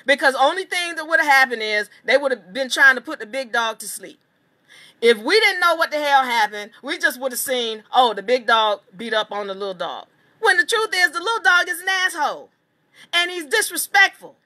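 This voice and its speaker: A woman teaching a seminar, telling a long story in an emphatic, animated way and swearing casually. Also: sits high, a little fast. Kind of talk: storytelling lecture.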